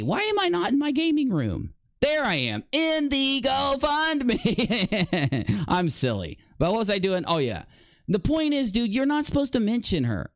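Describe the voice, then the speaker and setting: A man's voice: fairly high pitch, darkish tone, no echo, clean studio sound. A man hosting an online commentary video, confronting his opponent directly in a mocking, combative way. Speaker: commentary host.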